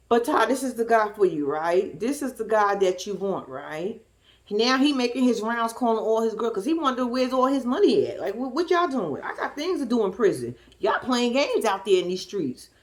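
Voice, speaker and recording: A reality TV commentator recaps an episode for her viewers in a lively, casual way, full of sass and acting out each cast member's lines. Her voice is slightly high and swings widely in pitch.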